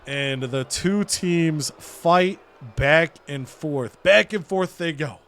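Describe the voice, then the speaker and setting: Animated man narrating a wrestling game. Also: a little high, takes it slowly. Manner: animated, acts out characters' lines. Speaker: gaming channel host.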